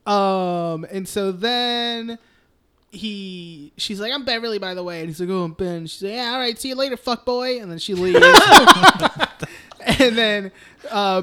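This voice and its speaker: A young man co-hosting a casual film podcast, recapping scenes, swearing freely and acting out characters in quick voices. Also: high-pitched, sharp tone. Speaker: podcast co-host.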